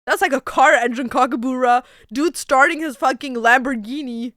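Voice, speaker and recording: A woman's voice: high-pitched, moderate pace, fairly bright tone, dry recording, clean studio sound. A young woman streamer in casual chat, goofy and swearing freely as she tries out silly voices and animal sounds. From Canada.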